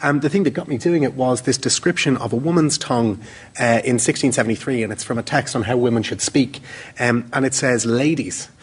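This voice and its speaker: A man's voice: medium pitch, brisk, breathy edge. A man on a discussion panel explaining fluently and quoting old texts.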